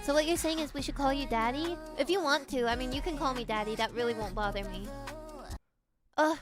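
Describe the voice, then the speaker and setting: A woman's voice: high voice, brisk, over music. A woman streamer chatting casually with her viewers, rambling and laughing often. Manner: giggly, rambling, playful.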